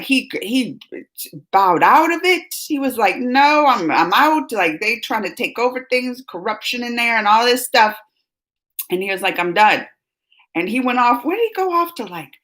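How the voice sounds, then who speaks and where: A high-pitched woman talks casually on her live stream, laughing often and jumping between stories and viewer comments. Her voice sits noticeably high and stays chatty and animated throughout. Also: low-quality recording. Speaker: live stream host reading chat.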